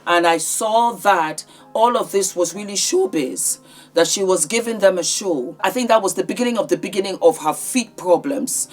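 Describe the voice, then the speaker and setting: A woman's voice: medium pitch, moderate pace, faint music behind. A woman vlogger giving heartfelt, conversational commentary on celebrity news.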